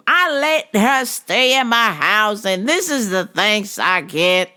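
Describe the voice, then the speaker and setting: A woman vlogger telling a story in a casual way, laughing often and going low and sheepish when she quotes herself. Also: very animated, slow pace, hardly any pauses, sharp tone.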